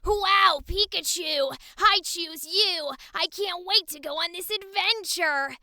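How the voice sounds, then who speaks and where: A woman doing an impression of a young boy hero trainer, shouting eagerly with a slightly gritty edge. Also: very high-pitched, slow pace, dry recording, clean studio sound, voice pushed up, exaggerated voice. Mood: excited. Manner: shouty, excited, gritty-edged.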